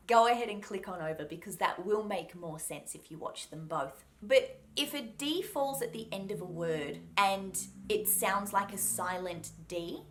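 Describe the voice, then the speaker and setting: A woman with an Australian accent teaching a pronunciation lesson, speaking deliberately and repeating each sound to demonstrate it. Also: mid-range voice, a little hiss or hum. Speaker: accent coach.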